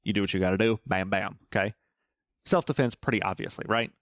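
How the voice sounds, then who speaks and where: A man co-hosting a casual podcast chat, swearing freely and spinning animated stories and hypotheticals. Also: lowish voice, quick pace, no echo, clean studio sound. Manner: profane, animated storyteller posing hypotheticals. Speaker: podcast co-host.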